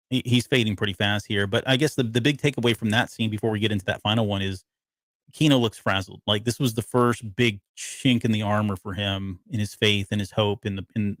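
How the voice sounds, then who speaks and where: A man whose voice sits fairly low co-hosts a podcast, discussing a TV episode casually and in a rambling fashion. He keeps restarting his sentences and dropping in fillers; the recording is free of echo.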